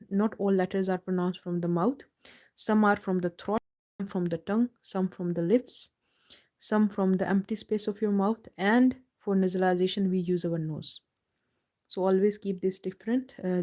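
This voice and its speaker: A woman teaching Quran recitation in a live online lesson, patiently repeating each word slowly for her students. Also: medium pitch, fairly even intonation, dark tone. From United Kingdom.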